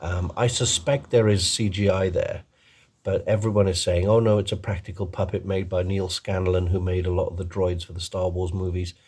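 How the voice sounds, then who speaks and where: A man's voice: sits low, level tone, normal speed, a little mellow, breathy edge. A man giving a rambling, casual film review, full of ums and restarts.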